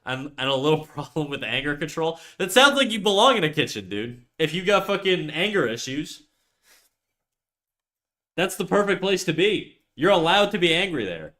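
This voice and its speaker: A man's voice: fairly high pitch, sing-song, normal speed, pushed and bright. A man in his twenties with a French-Canadian accent, chatting casually and rambling while he draws on a livestream, swearing freely. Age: 20s. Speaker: livestreaming artist.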